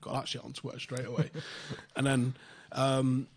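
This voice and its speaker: A young man, telling a story in casual podcast chat, swearing freely and getting animated when excited. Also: mid-range voice, normal speed, breathy edge. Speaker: podcast host.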